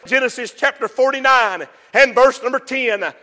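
A man preaching a sermon with passion, rising to shouts for emphasis. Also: very high voice, normal speed, long reverb tail.

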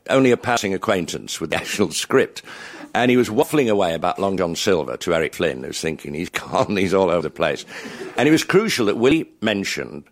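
An older man telling funny anecdotes to a live audience in a genial, chuckling after-dinner style. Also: low-pitched.

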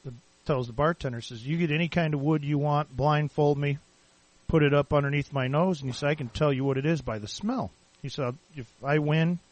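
A man's voice: medium pitch, dry recording. A man co-hosting a casual podcast, telling crude bar jokes in a laid-back way. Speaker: podcast co-host.

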